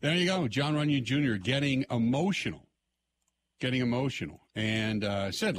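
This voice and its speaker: A man hosting a sports radio show, animated and repeating phrases for emphasis. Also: medium pitch, a little slow.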